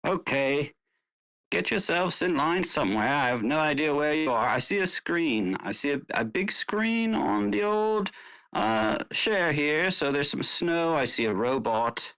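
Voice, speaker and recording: A man's voice: on the high side, lively intonation, unhurried, fairly bright tone, clean tone, rough recording. Playful rambling male guest announcer. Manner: playful, rambling, describing what he sees. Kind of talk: improvised comic announcing.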